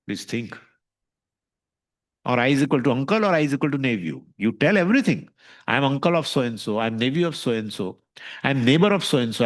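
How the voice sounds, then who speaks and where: A man giving a spiritual lecture on scripture, questioning his listeners and repeating his points. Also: a little high. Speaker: spiritual teacher.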